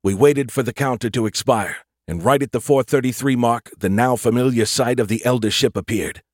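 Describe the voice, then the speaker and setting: A man reading a sci-fi audiobook in a measured, wry first-person narration. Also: medium pitch, no room sound, clean studio sound.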